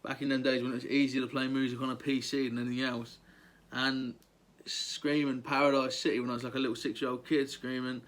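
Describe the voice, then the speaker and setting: A man's voice: medium pitch, level tone, a little fast, a bit bright. A young man, talking casually and enthusiastically as a vlogger, gushing through a countdown with lots of ums and likes.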